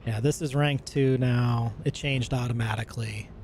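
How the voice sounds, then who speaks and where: A man's voice: mid-range voice, steady tone, moderate pace, a little mellow, a little hiss or hum. A man streaming a game, chatting loosely and enthusiastically with viewers in slangy, rambling commentary. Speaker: gaming streamer. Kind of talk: casual gameplay commentary.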